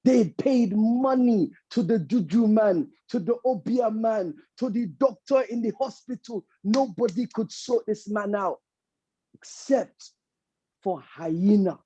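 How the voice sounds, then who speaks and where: A man's voice: high-pitched, slow pace, dark tone, husky. A man with a Sierra Leonean accent, a storyteller and MC, telling a folk tale with call-and-response. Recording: muffled lo-fi call audio.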